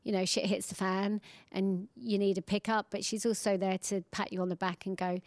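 A woman's voice: medium pitch, flat delivery, brisk, hardly any pauses, no echo. Chatty woman guest, dry close sound. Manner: chatty, warm storytelling, acts out quoted voices. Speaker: guest, singer. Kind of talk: casual interview chat.

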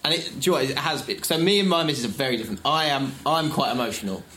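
A man's voice: mid-range voice, racing, sharp tone, a little hiss or hum. A man co-hosting a casual advice podcast, chatty and laughing often, acting out little quotes. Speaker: podcast co-host.

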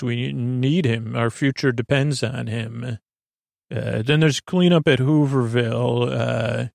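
A man hosting a sleep podcast, retelling a TV episode in a low-key, drowsy ramble full of ums, likes and restarts. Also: gravelly, dry recording, studio quality. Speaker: podcast host.

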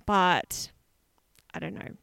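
A woman's voice: takes it slowly, fairly bright tone, dry recording. A woman co-hosting a podcast, chatting casually and telling a story with lots of asides. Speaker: podcast co-host.

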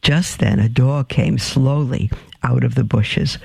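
A man reading a children's story aloud at an unhurried pace, stopping now and then to explain an aside. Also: mid-range voice, gravelly, dark tone, husky, no room sound. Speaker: reader.

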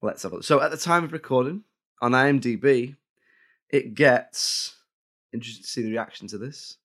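A man's voice: mid-range voice, fairly quick, fairly bright tone. A man hosting a film podcast, chatty and wry, reading out ratings. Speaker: podcast host. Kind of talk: casual chat.

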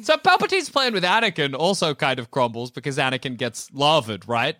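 A man's voice: on the high side, big pitch swings, fairly quick, sharp tone, no echo. An Australian man hosting a podcast in casual comedic chat, laughing and riffing, on a dry close mic. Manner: laughing, riffing, jumps into silly voices. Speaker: podcast host.

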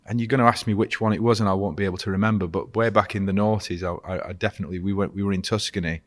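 A man's voice: fairly low pitch, steady tone, racing. A middle-aged man in a casual chat, self-deprecating and rambling.

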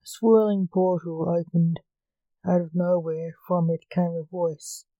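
A woman reading a short story aloud as narrator, at an even, unhurried pace. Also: on the low side, no echo, muffled recording.

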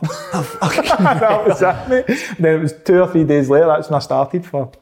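A man with a Scottish accent tells a story in casual conversation, animated and laughing often as he acts out what people said. His voice is a little high, and he speaks at a normal speed.

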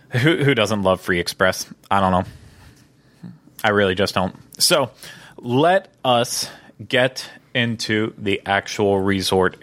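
A man's voice: lowish voice, fairly bright tone, no echo. A young man hosting a casual podcast, chatty and enthusiastic with many fillers. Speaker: podcast host.

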